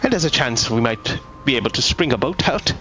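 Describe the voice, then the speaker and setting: A man's voice: mid-range voice, expressive, a little fast, pushed and bright, a little hiss or hum. Man voicing bubbly talking magic rings. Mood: cheery. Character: chatty magical talking rings, eager and playful.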